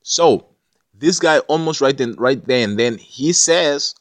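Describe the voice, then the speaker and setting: This man's medium-pitched voice is expressive and a touch slow, recorded without echo. He isn't from Jamaica, and he spins a personal story in a loose, meandering way, stumbling through fillers and restarts.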